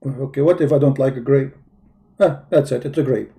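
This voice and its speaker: Sarcastic, dark-voiced male call-in host. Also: medium pitch, a little fast, gravelly. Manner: sarcastic, teasing, sing-song mockery. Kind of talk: mocking call-in chat.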